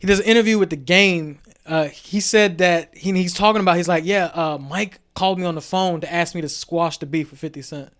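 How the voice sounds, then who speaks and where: A man's voice: high voice, a little fast, few pauses. A young man co-hosting a podcast in casual chat, telling stories animatedly, laughing often and acting out what others said. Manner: animated storyteller, laughs often, acts out quotes. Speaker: podcast co-host.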